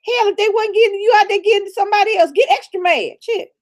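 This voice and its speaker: A woman's voice: very high voice, quick pace, few pauses, no echo, clean studio sound. A woman giving blunt, profane relationship advice in a casual live chat, laughing often. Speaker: livestream co-host.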